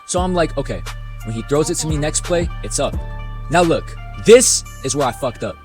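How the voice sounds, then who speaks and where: A man's voice: a little high, animated, normal speed, a little mellow, faint music behind. A young man narrating a casual, self-mocking storytime with plenty of swearing. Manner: laid-back, self-mocking, profane.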